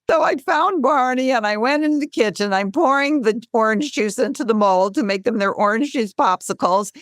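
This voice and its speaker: Animated older woman telling a story. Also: mid-range voice, no echo, clean studio sound. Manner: lively, animated storyteller who acts out quotes. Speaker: guest, author and speaker. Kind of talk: storytelling in a podcast interview.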